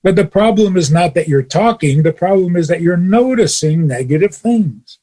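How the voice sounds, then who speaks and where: A man with a fairly high, husky voice gives a radio teaching as a rabbi. He chuckles often as he talks and drives his points home with pointed rhetorical questions. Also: lively intonation, moderate pace, mellow. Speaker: rabbi and radio show host. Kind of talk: teaching talk on a radio show.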